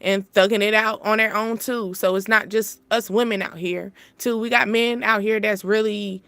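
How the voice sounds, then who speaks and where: A woman hosting a spiritual channel, giving a casual motivational talk. She rambles, repeats herself and laughs often, swinging between emphatic highs and soft asides. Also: steady tone, moderate pace, creaky, no room sound.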